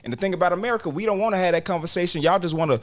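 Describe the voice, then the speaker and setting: A man's voice: high voice, very fast. A man co-hosting a casual discussion, speaking with passionate, preacher-like emphasis. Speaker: podcast co-host.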